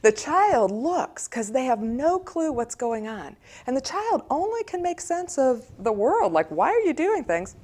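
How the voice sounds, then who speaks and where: An American woman speaking as a church counselor, giving an animated teaching talk and acting out quoted voices of children and parents. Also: sits high, measured pace, few pauses. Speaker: church director of community, counselor.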